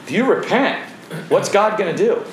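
A man preaching and teaching from the Bible, asking the audience questions, his voice swinging from low and grave to high and excited. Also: normal speed, roomy sound, a little hiss or hum, poor audio.

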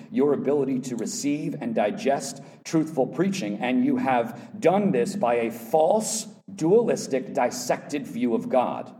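A man preaching as a pastor in a church Bible class, emphatic, with his voice rising to loud high peaks and dropping to quiet low asides. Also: expressive, normal speed, few pauses. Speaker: pastor teaching adult Sunday school. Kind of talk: sermon-style Bible teaching. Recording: voice picked up from a distance off the mic.

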